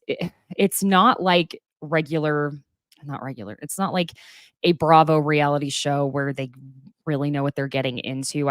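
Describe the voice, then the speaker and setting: Low-voiced chatty woman hosting a live stream. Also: no room sound, clean studio sound. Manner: chatty, rambling, laughs often. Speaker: host of a live gossip stream. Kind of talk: casual live-stream chat.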